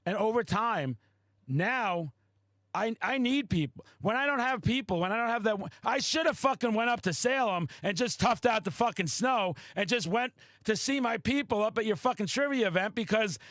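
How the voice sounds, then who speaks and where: A man hosting a podcast, a loud, excitable storyteller who swears often in casual chat. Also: high voice, dry recording. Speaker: podcast host.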